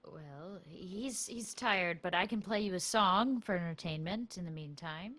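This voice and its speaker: Woman player in a tabletop game; low voice, polite, tentative, with music behind. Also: a little slow, pushed and bright. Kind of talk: in-character tabletop role-play.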